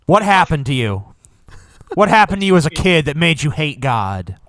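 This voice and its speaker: Jokey guy co-hosting, high voice that swoops around a lot, dead dry sound. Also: big pitch swings, moderate pace, fairly bright tone. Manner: joking and mocking, laughs often. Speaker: co-host. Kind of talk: casual political chat.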